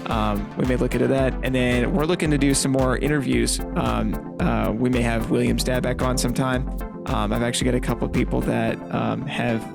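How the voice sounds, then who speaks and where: A man's voice: medium pitch, fairly even intonation, brisk, creaky, over loud music. A man co-hosting a casual podcast, with easygoing and jokey banter. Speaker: podcast co-host and small business owner.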